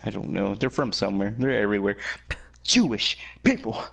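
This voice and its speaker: A man's voice: on the low side, steady tone, fast, creaky. A man joking and teasing in a casual late-night chat. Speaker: guest.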